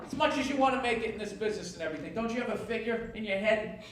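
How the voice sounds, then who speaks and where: A man's voice: high voice, rapid-fire. A male stand-up comedian ranting in a sarcastic, profane way on stage before a laughing audience. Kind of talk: stand-up routine. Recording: echoey distant live stage recording, loud noise.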